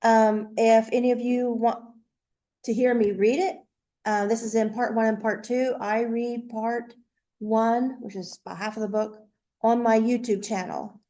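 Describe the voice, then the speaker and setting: A woman's voice: fairly high pitch, flat delivery, a little slow, dark tone. A woman guest speaker and author talking plainly and casually to a meeting audience.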